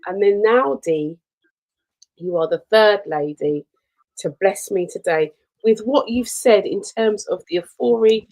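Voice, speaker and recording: Woman, radio co-host, storytelling, mid pitch, expressive. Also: unhurried, poor audio. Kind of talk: casual radio chat.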